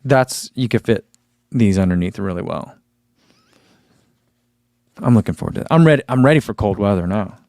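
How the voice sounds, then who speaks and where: A man's voice: lowish voice, lively intonation, moderate pace, long pauses, darkish tone, dry recording. Easygoing man chatting, dry close sound. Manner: easygoing, rambling, reads chat comments aloud. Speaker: running channel host. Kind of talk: casual livestream chat.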